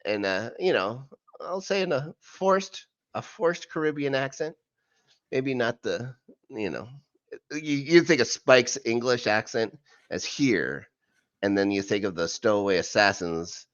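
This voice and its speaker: A man co-hosting a rewatch podcast, rambling through a recap with plenty of "uh"s and side comments. His pitch swings up and down a lot. The sound is dry and a little dull. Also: animated, unhurried, fairly bright tone, dry recording. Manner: chatty, rambling recap full of fillers and asides. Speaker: podcast co-host. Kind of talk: casual rewatch recap chat.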